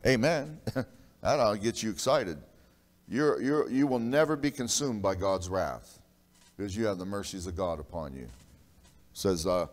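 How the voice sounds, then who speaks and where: Low-voiced preacher in a reverberant church. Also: male voice, moderate pace. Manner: emphatic preaching, swinging between loud and hushed; calls out to the congregation for an amen. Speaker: pastor. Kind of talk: sermon. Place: church sanctuary. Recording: long reverb of a church hall.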